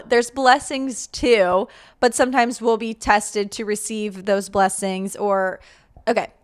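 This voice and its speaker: Her mid-range voice wanders casually through a faith podcast she hosts, padded with fillers, as the young woman animates the thoughts she recounts.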